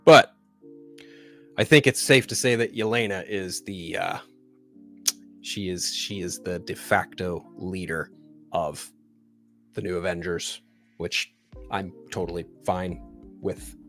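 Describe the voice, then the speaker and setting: A man hosting a solo live stream, chatting casually and profanely about a film and reading viewer comments. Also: deep voice. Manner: profane, ranting, rises into loud exasperation.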